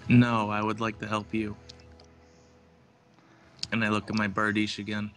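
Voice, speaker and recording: A man playing a tabletop game who speaks slowly and hesitantly. His voice is low and flat. Clear music plays behind him. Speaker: player.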